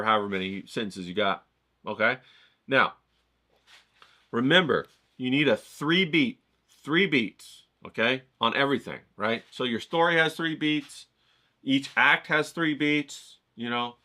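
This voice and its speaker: An excitable man leads a casual lesson, wandering off topic and swearing freely. His voice is bright and forceful, and he keeps checking in with "okay?" and calling you "bro". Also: medium pitch. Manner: loud, profane, goes off on tangents. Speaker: art course instructor. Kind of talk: casual, rambling video lesson.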